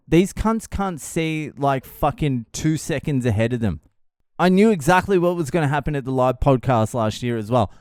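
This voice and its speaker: A man's voice: mid-range voice, a little mellow, smooth, no room sound, clean studio sound. An Australian man hosting a podcast, delivering a profane, exasperated solo rant. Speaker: podcast host.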